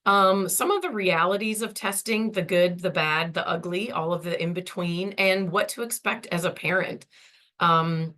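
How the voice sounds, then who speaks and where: A woman's voice: lowish voice, normal speed, sharp tone. A woman in her forties, losing her voice, giving a friendly, chatty conference presentation over a video call. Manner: friendly, chatty, many ums.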